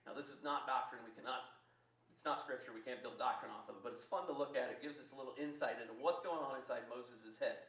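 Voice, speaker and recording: Echoey pastor preaching in a church. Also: male voice, medium pitch, fast, distant mic. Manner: lively storytelling, acting out quotes. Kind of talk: sermon.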